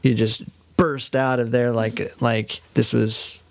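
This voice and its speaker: A man co-hosting a podcast, retelling a fairy tale casually in a rambling, animated way. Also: medium pitch, takes it slowly, gravelly. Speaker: podcast co-host.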